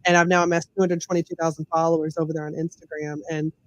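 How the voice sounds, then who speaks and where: Racing along with a low-sitting voice and a flat delivery, this Memphis woman talks in a thick Southern US accent. She's a lawyer and comedian appearing as a podcast guest, speaking candidly and emphatically in a casual interview.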